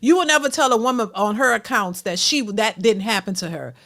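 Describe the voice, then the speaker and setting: A woman's voice: on the high side, a little fast, fairly bright tone. A woman hosting a reaction channel, giving opinionated commentary that is full of restarts and stammers.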